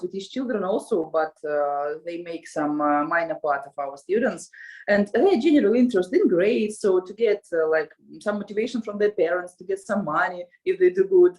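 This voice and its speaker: Woman with a Russian accent, halting. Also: fairly low pitch, darkish tone, rough recording. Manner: hesitant, many fillers and restarts. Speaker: guest, language school co-founder. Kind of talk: casual interview.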